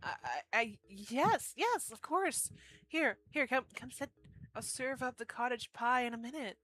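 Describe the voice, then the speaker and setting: A woman's voice: medium pitch, a little slow, a bit bright, slight background noise. A woman voicing an eager, lonely male forest host with drooping ears, who stammers and pleads shyly. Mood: flustered.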